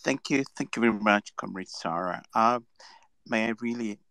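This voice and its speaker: A man with a Ugandan English accent hosting and closing an online audio discussion, halting with many fillers. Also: fairly low pitch, bright, forceful tone, no echo. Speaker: host.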